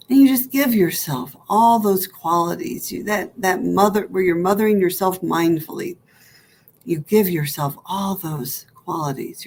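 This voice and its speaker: A woman minister with an American accent leading a gentle guided meditation, soothing and slow, sometimes dropping to a soft whisper. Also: lowish voice, slight background noise. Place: church hall.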